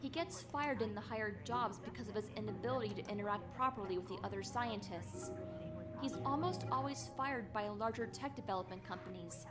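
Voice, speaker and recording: A woman's voice: medium pitch, fairly quick, natural voice. A woman playing a determined young female superhero who explains things earnestly. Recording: music playing under the voice.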